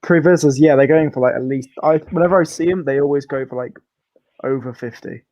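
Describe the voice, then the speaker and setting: A man co-hosting a casual group stream, excitable, often stammering and restarting. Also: mid-range voice, brisk, no echo, muffled recording. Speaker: stream co-host.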